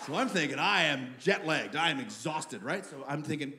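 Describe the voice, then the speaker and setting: High-voiced man telling a stand-up story. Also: fast talker, hardly any pauses. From Canada. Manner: animated, bursts into shouting. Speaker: stand-up comedian. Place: comedy club stage. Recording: live stage recording with audience noise.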